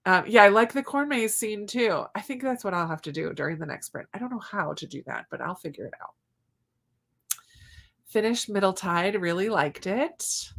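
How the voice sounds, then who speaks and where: A woman in the middle of her pitch range hosts a cozy reading livestream. She chats loosely, reading viewer comments aloud and giggling through her asides. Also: a bit bright. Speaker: booktube livestream host. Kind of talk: casual reading-sprint chat.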